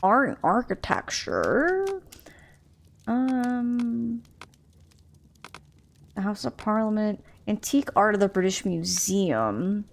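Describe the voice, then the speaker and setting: A woman's voice: medium pitch, very animated, takes it slowly, gravelly, long pauses. Chatty woman streaming a mystery game. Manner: chatty, musing, stumbles over names. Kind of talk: casual gameplay commentary, reading in-game text aloud.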